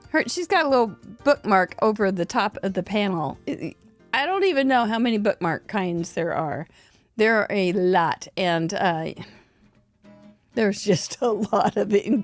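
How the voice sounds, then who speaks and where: A woman hosting a crafting show, chatting warmly about mail and cards with frequent little laughs. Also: mid-range voice. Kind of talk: casual chat over a card slideshow. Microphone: desk microphone.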